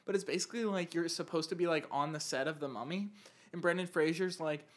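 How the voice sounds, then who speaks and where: A woman's voice: lowish voice, quick pace. A woman co-hosting a podcast, casually and animatedly retelling a story with laughs and swearing. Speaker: podcast co-host. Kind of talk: casual chat.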